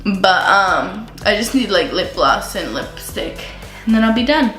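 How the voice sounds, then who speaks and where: A woman's voice: mid-range voice, animated, a little slow, a bit bright. Chatty young woman in an echoey room. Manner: chatty, lots of likes and ums. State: feeling sick. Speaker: vlogger. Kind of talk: casual storytime while doing makeup. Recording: echoey room with faint music.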